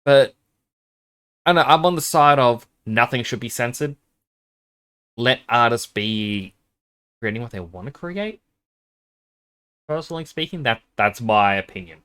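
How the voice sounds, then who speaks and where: A man's voice: medium pitch, lively intonation, unhurried, long pauses, bright, forceful tone, smooth. A man streaming a game, chatting casually, rambling and self-conscious, sometimes dropping to a whisper while testing his microphone.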